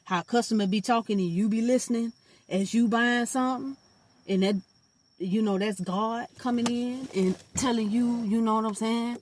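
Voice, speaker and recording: A young adult woman telling a personal storytime to her viewers, animated and blunt, with profanity and slangy asides. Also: on the high side, moderate pace, slight background noise. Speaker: storytime vlogger. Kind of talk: casual storytelling.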